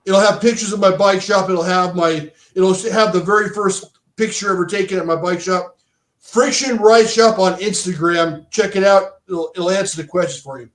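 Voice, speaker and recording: A middle-aged man spins loose, rambling stories in a high-pitched voice, tripping over restarts and tossing in "dude" and "man". The recording carries a roomy echo around him. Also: normal speed. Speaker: podcast guest, former bike shop owner. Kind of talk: casual chat.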